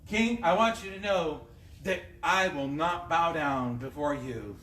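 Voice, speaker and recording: A preacher voicing three defiant faithful young men. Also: male voice, a little high, unhurried, fairly bright tone. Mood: resolute. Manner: firm, resolute. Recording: echoey room, mic at a distance.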